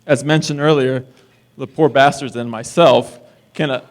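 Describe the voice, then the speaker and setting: A man's voice: mid-range voice, fairly even intonation, moderate pace. A man gives a best man's toast at a wedding reception held in a distillery. He talks in a teasing, wisecracking way, ribbing the groom and the guests as he goes. His voice sits in a middle range for a man. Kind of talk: joking wedding speech.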